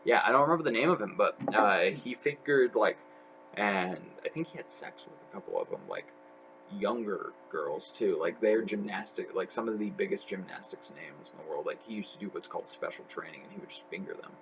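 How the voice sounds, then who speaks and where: A man's voice: lowish voice, expressive, fairly quick, background noise. A young man talking as a podcast guest, telling stories in a rambling way full of fillers. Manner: rambling, filler-heavy storytelling. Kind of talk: casual podcast chat.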